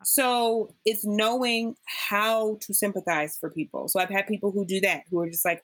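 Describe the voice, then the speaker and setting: A woman's voice: mid-range voice, normal speed, few pauses. A woman guest in a conversational interview, talking emphatically and acting out what people said to her. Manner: emphatic, animated storyteller acting out quotes. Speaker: podcast guest.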